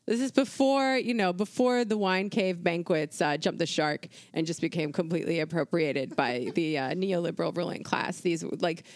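A woman's voice: on the low side, fairly even intonation, normal speed, hardly any pauses, dry recording. A woman co-hosting a casual history podcast, talking in an irreverent, profane, conversational way with plenty of fillers. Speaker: podcast co-host.

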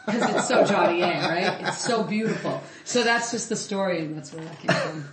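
A podcast co-host telling a story in a lively, laughing way during casual chat. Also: medium pitch, a little fast, few pauses, echoey room, slight background noise.

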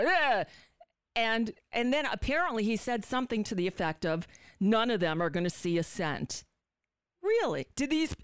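A woman's voice: mid-range voice, smooth, no echo, clean studio sound. Indignant, profane woman talk host. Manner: indignant, blunt and profane, with many restarts. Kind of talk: livestream political commentary. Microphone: studio microphone.

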